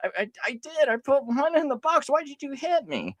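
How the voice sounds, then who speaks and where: A man's voice: very high voice, very animated, normal speed, no echo, pitched above the performer's own voice. A man doing a bewildered little boy.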